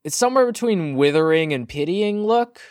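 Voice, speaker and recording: A man's voice: fairly high pitch, animated, normal speed, darkish tone, no echo, clean studio sound. Man narrating as a playful game master. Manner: playful, descriptive, laughs often.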